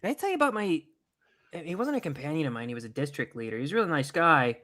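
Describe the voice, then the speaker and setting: A man's voice: on the high side, very animated, quick pace, sharp tone. A man co-hosting a podcast, telling easygoing anecdotes with frequent chuckles. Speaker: podcast co-host. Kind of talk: casual chat, storytelling.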